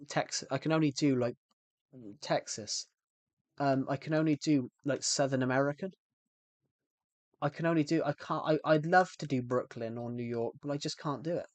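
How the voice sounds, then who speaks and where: A man's voice: on the high side, no echo. A young man with a British accent who streams games, chatting casually in a rambling, self-correcting way. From United Kingdom. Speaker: game streamer. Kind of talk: casual live-stream chat.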